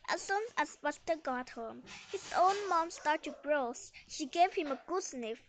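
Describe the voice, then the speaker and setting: A woman's voice: high-pitched, lively intonation, a little slow, few pauses, slight background noise. A woman carefully reading a children's story aloud, then asking comprehension questions. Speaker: storyteller and teacher.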